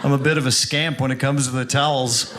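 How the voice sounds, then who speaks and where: A young man doing stand-up with a dry, wry delivery and sudden shouted bits. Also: medium pitch, fairly even intonation, fairly quick, heavy background noise. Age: young adult. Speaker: stand-up comedian. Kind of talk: stand-up comedy set.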